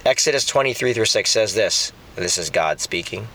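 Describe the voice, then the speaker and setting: A man's voice: fairly low pitch, lively intonation, moderate pace, hardly any pauses, bright, forceful tone. A middle-aged man preaching a sermon in a conversational way, often repeating words while he thinks. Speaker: pastor.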